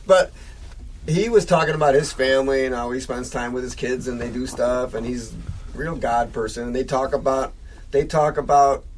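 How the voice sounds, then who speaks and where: A middle-aged man co-hosts a relaxed podcast chat in a mid-pitched voice. He rambles through his stories and chuckles along the way. A faint hiss of noise sits under the recording. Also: normal speed, poor audio. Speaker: podcast co-host. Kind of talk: casual chat.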